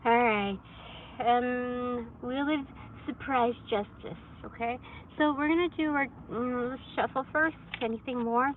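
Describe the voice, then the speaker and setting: A woman's voice: fairly high pitch, measured pace, phone-quality sound, slight background noise. A woman reading tarot cards on a casual phone livestream, rambling and chatty with lots of fillers, in a hot room. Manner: chatty, rambling, filler-heavy, laughs often.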